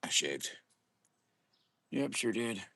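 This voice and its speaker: A man's voice: fairly low pitch, big pitch swings, slow, bright, forceful tone, no room sound, clean studio sound. A man talking casually to camera in a morning vlog, boisterous and profane and laughing often. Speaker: vlogger.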